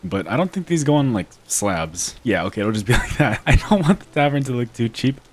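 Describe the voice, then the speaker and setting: A man's voice: medium pitch, sing-song, fairly quick, husky. Playful man narrating his game build. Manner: playful, self-mocking, giggly asides. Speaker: gaming video creator. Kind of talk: casual game commentary.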